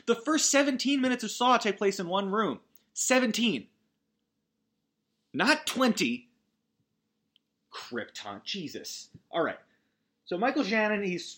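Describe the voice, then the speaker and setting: A man's voice: high-pitched, fairly bright tone. A man hosting a casual solo podcast, rambling through a film recap with swearing and frequent false starts. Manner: rambling, swearing, many restarts. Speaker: podcast host.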